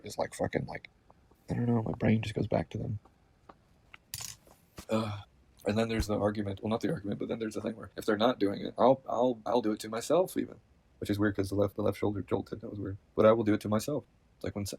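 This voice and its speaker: A man's voice: on the low side, dark tone, slightly rough. A man talking to camera in a rambling, agitated personal monologue, swearing constantly and repeating himself. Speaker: vlogger.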